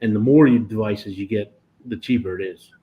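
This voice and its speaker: Rambling through an explanation of cruise internet plans, this livestreamer keeps correcting himself as he tells it in casual chat. He has a lowish voice and a brisk pace, captured in dull lo-fi stream audio with a faint hiss of noise.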